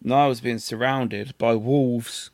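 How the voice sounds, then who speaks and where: A man's voice: mid-range voice, very animated, extremely slow, a little mellow, dry recording. A man chatting as a podcast co-host from his bedroom, teasing and swearing casually. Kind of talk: casual chat.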